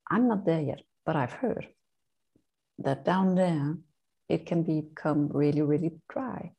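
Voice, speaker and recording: A woman's voice: low voice, a little slow, gravelly, warm tone, slightly rough. A woman from Denmark with a Danish accent, co-hosting a podcast in casual, chatty talk and laughing often. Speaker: podcast co-host. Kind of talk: casual chat.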